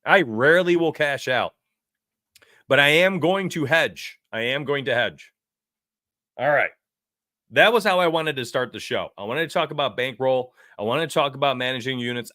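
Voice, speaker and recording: A brash man hosting a sports betting livestream, with a bright, forceful voice. He rambles and reads chat aloud in a dry, close-miked sound with no room echo. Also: medium pitch, lively intonation, moderate pace. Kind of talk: casual livestream talk.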